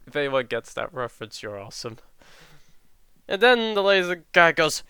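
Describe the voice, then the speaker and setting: A man's voice: high-pitched, very animated, normal speed, vocal fry, a bit bright, clear, resonant tone, no room sound. A young man casually telling a made-up fan story, jokey and swearing now and then.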